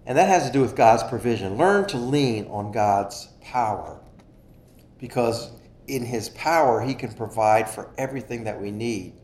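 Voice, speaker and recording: A man preaching a sermon in an earnest style, stressing key phrases slowly. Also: mid-range voice, animated, a little mellow. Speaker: pastor. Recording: echoey room.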